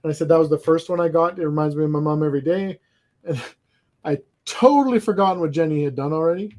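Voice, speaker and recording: Higher-voiced man telling a rambling story. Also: quick pace. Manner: rambling, animated storyteller with restarts. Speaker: podcast host. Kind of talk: casual chat, storytelling.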